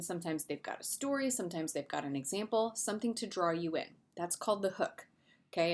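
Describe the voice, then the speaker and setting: Woman, middle-aged teacher, slightly low voice, relaxed conversational lesson delivery with asides. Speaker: English teacher. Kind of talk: recorded video lesson.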